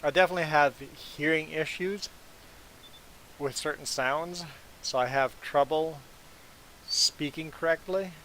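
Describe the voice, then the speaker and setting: A man's voice: fairly high pitch, unhurried, long pauses, bright, forceful tone, slight background noise, rough recording. A man hosting a casual gaming livestream, chatting with viewers, laughing often and stumbling through restarts as he explains things. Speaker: livestream host.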